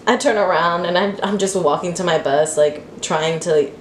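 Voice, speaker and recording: Animated young woman telling a dramatic story. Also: lowish voice, normal speed. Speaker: vlogger. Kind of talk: storytime vlog. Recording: roomy echo with faint hiss.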